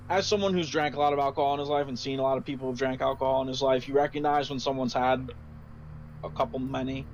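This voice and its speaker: A man's voice: medium pitch, muffled recording, a little hiss or hum. A man running a tabletop game as game master, narrating loosely with lots of fillers. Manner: loose, rambling, many fillers.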